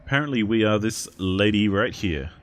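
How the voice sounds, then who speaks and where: A man's voice: lowish voice, normal speed, a little hiss or hum. A man hosting a let's play video, chatting casually and joking as he reads through the game. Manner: chatty, laughs at himself. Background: game music.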